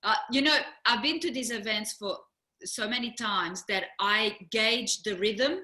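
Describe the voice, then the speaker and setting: A middle-aged woman co-hosting a casual chat, telling a lively story, laughing often and acting out what people said. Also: a little high, unhurried, roomy sound. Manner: animated storyteller, laughs often, acts out quotes. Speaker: co-host.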